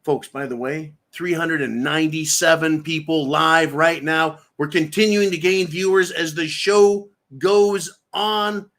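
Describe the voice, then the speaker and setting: A man's voice: fairly high pitch, fairly even intonation, unhurried, few pauses, a bit bright. A man hosting a live political show, talking in a somewhat raised voice. He rants, mocks and throws crude insults while speaking straight to his viewers. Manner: ranting, mocking, crude insults. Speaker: livestream host. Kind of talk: political commentary livestream.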